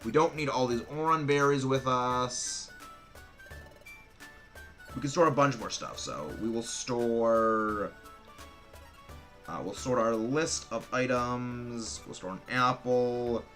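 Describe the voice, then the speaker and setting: A male streamer giving excitable, rambling commentary while he plays a game, restarting his sentences often. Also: medium pitch, measured pace, soft background music. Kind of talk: casual gameplay commentary.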